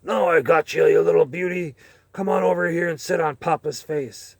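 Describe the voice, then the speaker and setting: A man voicing a drunken, brutish man leering at women, loud and crude. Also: a little high, fairly even intonation, moderate pace, creaky, no echo, voice pushed up.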